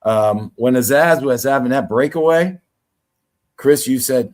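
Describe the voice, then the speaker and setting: Casual male co-host, middle-pitched, jokey and loose. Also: unhurried. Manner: jokey, relaxed storytelling. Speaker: watchalong co-presenter. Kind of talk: casual podcast banter.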